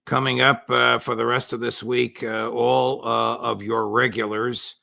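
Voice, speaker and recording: A man hosting a commentary interview show, speaking in a formal, measured way with frequent "uh" fillers. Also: medium pitch, little pitch movement, gravelly, bright, forceful tone, no echo, studio quality. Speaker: host.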